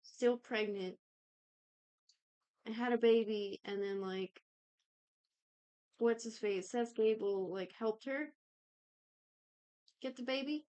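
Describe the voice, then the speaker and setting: A woman's voice: a little high, darkish tone, clean tone, no room sound. A young woman podcast co-host casually recapping a TV series, rambling and swearing, often acting out characters' lines. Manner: rambling, profane, quotes characters in quick asides. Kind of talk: casual chat.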